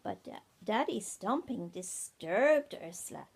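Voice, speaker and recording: An older woman, a grandmother, reading a bedtime story to her grandchildren at home on a tablet. She speaks gently, often drops to a whisper, and stops to ask the children questions. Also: mid-range voice, lively intonation, a little slow, vocal fry, slightly rough. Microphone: iPad mini.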